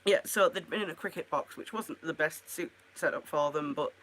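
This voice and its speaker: Bright-voiced chatty woman vlogging. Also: low-pitched, normal speed. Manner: rambling, chatty, self-mocking asides. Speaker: pet keeper vlogger. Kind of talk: casual chat to camera.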